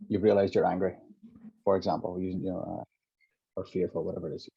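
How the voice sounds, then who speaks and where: A man's voice: deep voice, little pitch movement, fast talker, gravelly, slightly rough. A middle-aged man as an interview guest, reflectively walking through examples of how a practitioner works with someone's anger. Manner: reflective, walks through examples with hypothetical dialogue. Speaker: guest, compassionate inquiry practitioner. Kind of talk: explanatory interview talk. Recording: dull lo-fi audio.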